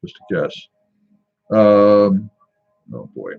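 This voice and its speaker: A man's voice: lowish voice, big pitch swings, extremely slow, gravelly, narrow, tinny audio, faint music behind. A man hosting a casual tasting video, reading a can label aloud and joking to himself in a rambling, wry way. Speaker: drink reviewer.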